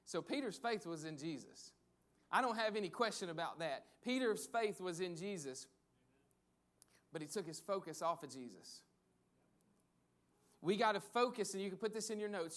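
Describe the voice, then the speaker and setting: High-voiced man preaching a sermon. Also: expressive, normal speed, fairly bright tone. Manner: conversational, repeats phrases for emphasis. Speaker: pastor.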